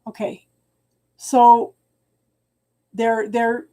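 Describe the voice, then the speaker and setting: A woman with a fairly high, warm voice and flat delivery gives a live-streamed tarot reading to her viewers. She halts, repeats and restarts phrases, and calls viewers hun.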